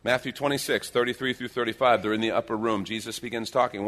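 A middle-aged male pastor preaching a sermon, telling stories with lively changes between loud acted-out lines and hushed quiet moments. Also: medium pitch, brisk, few pauses. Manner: animated storytelling, acting out quoted lines, dropping to hushed tones.

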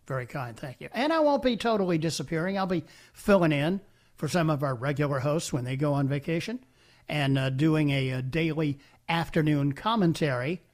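An older man hosting a call-in talk radio show, talking in a halting way with many uhs and restarts. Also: a little high, animated.

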